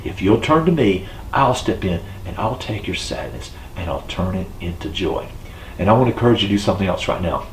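A man's voice: low-pitched, sing-song, brisk. A man preaching a children's sermon, reading scripture and encouraging listeners in an earnest way. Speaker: pastor. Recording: echoey room with faint hiss.

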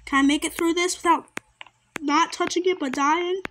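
A woman giving casual gameplay commentary, chatty and excitable and easily startled. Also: extremely high pitch, moderate pace, a little hiss or hum. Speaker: gamer.

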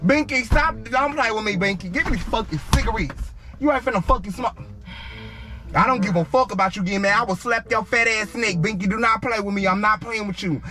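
A young man in a car, scolding a friend loudly with profanity and dramatic threats. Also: high-pitched, brisk, over music. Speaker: prank video co-star. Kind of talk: loud scolding banter. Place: inside a car.

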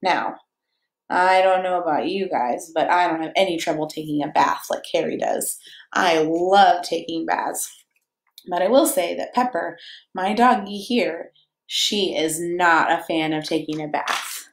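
A woman reading a picture book aloud to children in a playful, animated way, chatting to them and to her dog between pages. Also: on the low side, measured pace. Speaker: children's story reader. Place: church or home room, echoey. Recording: echoey room.

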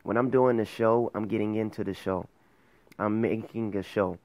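Man, show host, casual to-camera talk, earnest, rambling, self-correcting, deep-ish voice, dry sound. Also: steady tone, moderate pace, dry recording, highs cut off. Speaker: host of an online faith show.

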